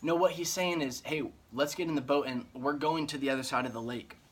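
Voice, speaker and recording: A man, a church's junior high director, giving a casual devotional talk, earnest and full of fillers like "man" and "um". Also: fairly even intonation, a little fast, fairly bright tone, slightly rough.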